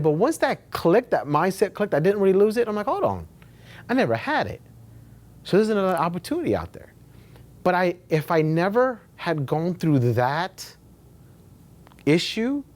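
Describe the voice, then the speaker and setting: A man telling his own business story at a meetup in a casual, animated way, casually swearing and repeating himself for emphasis. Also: a little high. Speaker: real estate agent sharing his story.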